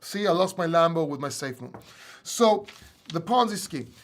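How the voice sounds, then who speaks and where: A man hosting a casual livestream Q&A, animated and blunt, firing off rhetorical questions and mocking what he dislikes. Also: fairly high pitch, moderate pace. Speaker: crypto channel host.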